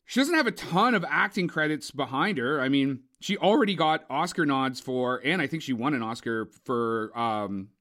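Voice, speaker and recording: Speaking in a mid-range, pushed, bright voice, a young man co-hosting a podcast gives an animated film review at normal speed with few pauses. It's casual, opinionated, profane, and packed with rambling tangents.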